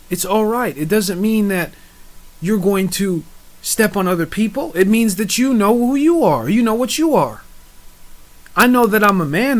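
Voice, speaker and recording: A man's voice: high voice, animated, normal speed. A man giving motivational encouragement and leading listeners in repeated spoken affirmations, in an earnest, rhythmic way. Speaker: motivational speaker.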